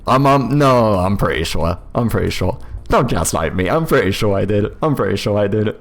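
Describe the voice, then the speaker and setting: A man's voice: on the low side, animated, moderate pace. Rambling man streaming. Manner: rambling, jokey, swears casually. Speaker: game developer streamer. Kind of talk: casual live-stream chat with viewers.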